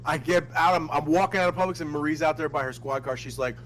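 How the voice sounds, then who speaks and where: A man telling crude, animated stories full of cursing in a casual podcast chat. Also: on the high side, quick pace, slight background noise, poor audio. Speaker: podcast co-host.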